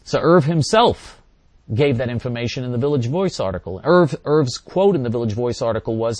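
Older guy doing a talk radio rant, keeps repeating himself hard, dead dry studio mic, middle pitch. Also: lively intonation, fairly quick, darkish tone, dry recording. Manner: emphatic and repetitive, hammering points again and again. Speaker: talk show host. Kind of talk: talk radio monologue answering listeners.

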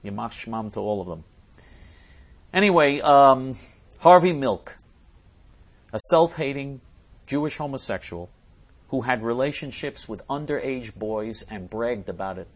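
A man hosting a talk show, delivering an emphatic, scornful monologue with many restarts and sudden swings in loudness. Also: medium pitch, animated, unhurried, pauses often. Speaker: talk show host reading listener messages. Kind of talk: ranting monologue.

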